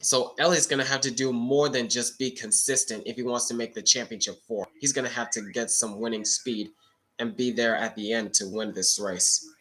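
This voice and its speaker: Chatty guy rambling through live race reactions, bright tense tone. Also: mid-range voice, steady tone, moderate pace. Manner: rambling, chatty, repeats himself. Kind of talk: casual live race commentary.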